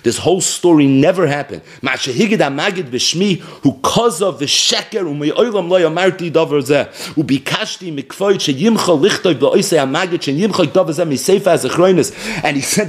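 Male Torah teacher, high voice, lively storyteller who chuckles through his lecture. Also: a little fast. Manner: animated storytelling with chuckles, lively pitch swings. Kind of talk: lecture on rabbinic responsa.

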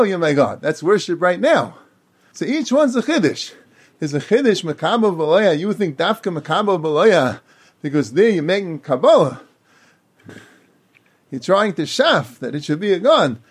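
A man giving a Talmud lecture, explaining quickly in run-on sentences and acting out the speakers he quotes. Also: high voice, very animated, breathy edge. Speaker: Talmud teacher.

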